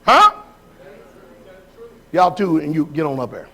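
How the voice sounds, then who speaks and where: High-voiced preacher quizzing his congregation. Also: huge pitch swings, takes it slowly, vocal fry, pushed and bright. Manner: calls people up, checks in with the crowd. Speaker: pastor. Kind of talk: live sermon.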